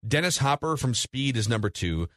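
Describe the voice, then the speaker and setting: A man co-hosting a podcast, retelling film scenes in an animated, casual way with lots of fillers. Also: medium pitch, normal speed, no echo, studio quality. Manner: animated storyteller, recounting scenes with hedging fillers. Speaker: podcast co-host. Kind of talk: casual movie review chat.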